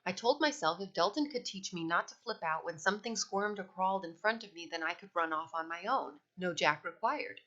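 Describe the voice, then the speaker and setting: A woman reading a children's novel aloud, telling it lively in the first person. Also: on the low side, a little fast, few pauses. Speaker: audiobook reader. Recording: dull lo-fi recording.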